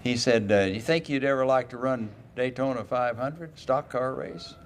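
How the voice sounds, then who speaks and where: An older man as an interview guest, telling folksy stories and acting out quoted lines in lively voices. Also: mid-range voice, moderate pace, a little hiss or hum. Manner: folksy anecdotes, quoting others in lively voices. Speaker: interview guest, retired racing driver. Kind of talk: casual storytelling interview.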